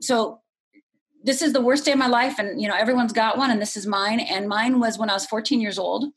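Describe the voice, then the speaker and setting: A middle-aged woman from Upper Michigan, telling a painful personal story as a podcast guest in a candid, unhurried way. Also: a little high, fairly even intonation. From Upper Michigan, USA.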